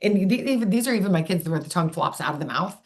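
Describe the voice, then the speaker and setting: A woman speech therapist with a slightly low voice, leading an online workshop. She talks in a chatty, rambling way and breaks off to demonstrate mouth sounds aloud. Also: animated, fast talker. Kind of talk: live online workshop teaching.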